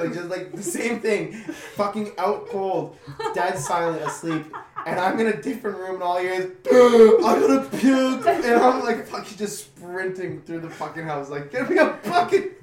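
A young man hosting a casual podcast chat, telling stories with swearing, loud impressions and frequent laughter. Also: a little high. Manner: animated storytelling with shouted impressions and laughter. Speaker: podcast host. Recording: echoey room.

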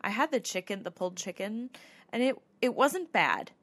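A woman's voice: mid-range voice, animated, moderate pace, a bit bright. Chatty woman telling a ghost story. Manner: chatty storytelling, many fillers, laughs often. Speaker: podcast co-host. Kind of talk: casual chat.

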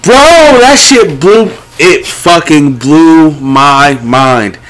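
A young man tells a story in casual chat, full of slang and swearing. His voice is bright and forceful and swings widely in pitch. The delivery is animated. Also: very slow.

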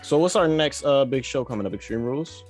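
A man's voice: mid-range voice, animated, quick pace, darkish tone, faint music behind. A man co-hosting a podcast in laid-back, slangy, rambling casual chat. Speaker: podcast co-host.

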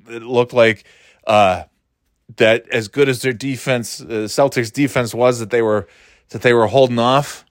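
A man talking sports in a loose, profane, rambling way. He laughs a lot and keeps jumping up in pitch when he gets worked up. His mid-range voice sounds dry and close to the mic, with no room around it. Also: clean tone, no echo. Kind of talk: casual sports rant.

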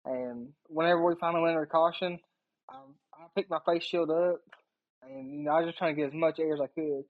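A man talks racing on a casual podcast in a relaxed drawl, his voice sitting fairly high. The audio is dull and lo-fi, dry and close. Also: brisk, dry recording. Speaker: podcast co-host, race driver. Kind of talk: casual chat.

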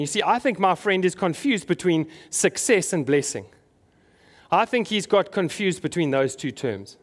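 A man preaching a conversational sermon to his congregation, asking them questions as he goes. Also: high-pitched. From South Africa. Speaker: pastor.

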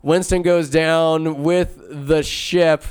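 A man with a slightly raised pitch talks through a movie plot in a casual, sarcastic way. He jokes as he goes, sometimes rising to loud bursts and sometimes dropping to a mutter. His voice is smooth and clear. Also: steady tone, extremely slow. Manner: sarcastic, jokey asides, swings between loud and muttered. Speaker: movie recapper. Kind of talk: casual comedic movie recap.

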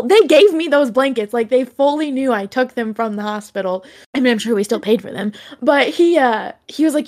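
A young woman telling a story in casual chat, animated and acting out the voices she quotes. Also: high-pitched, fairly quick.

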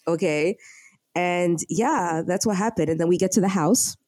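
In a recording with no room sound, a young woman co-hosting a podcast chats casually, retelling a TV drama. Her voice is fairly low at a moderate pace, and she tells the story with animation, acting out the characters' lines.

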